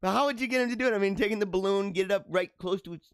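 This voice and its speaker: A man hosting a show, reading out news items and joking about them in loose, animated asides with frequent laughs. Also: sits high, rapid-fire, clear, resonant tone, no room sound. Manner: animated, laughs and riffs between read-aloud headlines. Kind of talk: casual commentary on news items.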